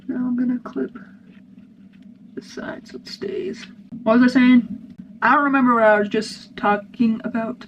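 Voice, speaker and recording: A young woman chatting casually while doing her hair for a get-ready-with-me vlog. She rambles, loses her train of thought and jumps between topics. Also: mid-range voice. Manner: rambling, scattered, easily sidetracked. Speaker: vlogger. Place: family room at home, indoors. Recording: audible background noise.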